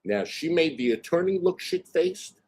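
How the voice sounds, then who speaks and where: A man hosting a livestream, telling a story in a casual, animated and profane way and mimicking other people's voices. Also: fairly high pitch, moderate pace, slightly rough. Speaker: livestream host.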